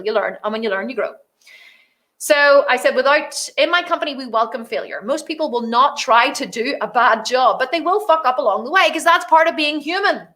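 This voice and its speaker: Brief: middle-aged female business coach, high voice, blunt, animated, swears freely. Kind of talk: energetic business training talk.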